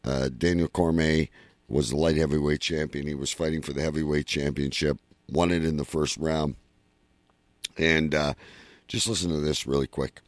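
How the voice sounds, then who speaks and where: A man hosting a podcast in casual chat, excitable and stammering, swearing now and then. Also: extremely low pitch, moderate pace, slight background noise. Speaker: podcast host.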